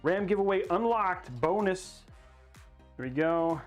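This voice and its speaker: A man hosting a casual livestream while building a PC, excitable and rambling as he hypes the viewers' goals. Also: sits high, unhurried, soft background music.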